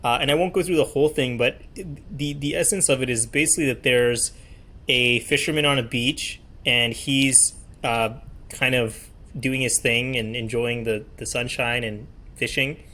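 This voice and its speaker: A man's voice: medium pitch, fairly even intonation, moderate pace, sharp tone. A man hosting an interview podcast, talking in a loose, hesitant way. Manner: loose and hesitant, many ums and uhs. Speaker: podcast host. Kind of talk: casual interview chat.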